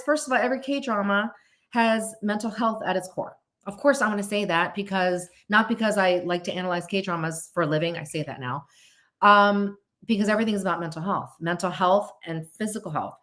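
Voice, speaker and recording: In a bright, forceful, mid-range voice, a middle-aged podcast host chats casually and takes viewer questions. She's talkative, frequently cuts herself off mid-sentence, and laughs easily.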